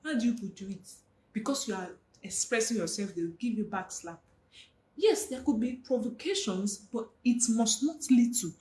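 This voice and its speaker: A woman giving earnest, animated marriage advice straight to young women. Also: fairly high pitch, roomy sound. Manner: earnest, animated, addresses the listener directly. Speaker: marriage coach. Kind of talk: motivational talk to young women.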